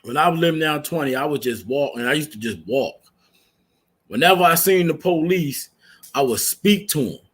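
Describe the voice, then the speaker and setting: On a casual podcast, a male co-host tells stories full of swearing, laughing as he goes. His voice is a little high with lively intonation, a breathy edge, and a normal speed.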